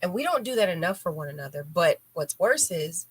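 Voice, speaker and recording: A woman's voice: fairly low pitch, lively intonation, fairly quick, breathy edge. A woman hosting a live radio talk show, chatting bluntly and animatedly, acting out quotes as she tells stories. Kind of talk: casual chat.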